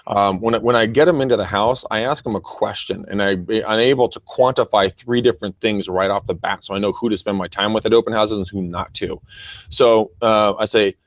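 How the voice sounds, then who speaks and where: Brief: low-voiced man, podcast co-host, animated and swearing, close dry mic. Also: a little fast, no echo. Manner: animated, profane, acts out scenes. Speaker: podcast co-host and real estate coach. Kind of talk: casual podcast chat.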